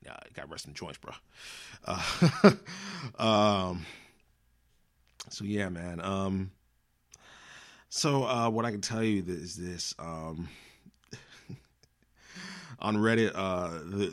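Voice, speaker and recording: Gravelly low-voiced man ranting. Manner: angry, profane, rambling with restarts and slang. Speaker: podcast host. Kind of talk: casual ranting commentary.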